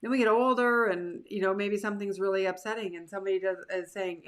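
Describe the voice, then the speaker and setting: A woman's voice: medium pitch, fairly even intonation, quick pace. A woman hosting a live motivational show, talking casually and with animation to her online audience. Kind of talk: casual live-stream talk.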